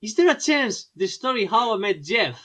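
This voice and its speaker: A man with a bright, lively voice jokes around with his co-hosts on a comedy podcast. He pokes fun at the story's bad writing and rises and falls a lot as he talks. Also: high-pitched, moderate pace. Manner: mocking, nitpicks the story's writing. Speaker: podcast co-host. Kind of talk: casual comedic banter.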